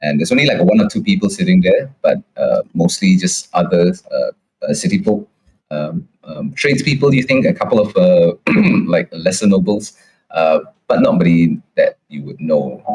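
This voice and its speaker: A man's voice: deep voice, lively intonation, moderate pace, darkish tone, poor audio. A man narrating as the dungeon master of a tabletop game, hesitant, with many restarts.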